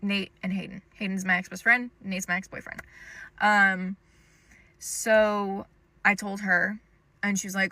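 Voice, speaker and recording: A woman's voice: mid-range voice, level tone, unhurried, long pauses, sharp tone. A young adult woman telling a personal story in a casual storytime monologue, chatty and full of "um" and "like". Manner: chatty, lots of "um" and "like". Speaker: storytime creator.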